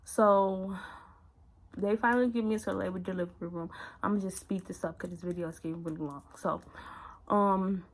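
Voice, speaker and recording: A young woman vlogger telling a personal story candidly in casual slang, often sinking to a hushed, near-whispered voice. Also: medium pitch, fairly even intonation, fairly quick, low-quality recording.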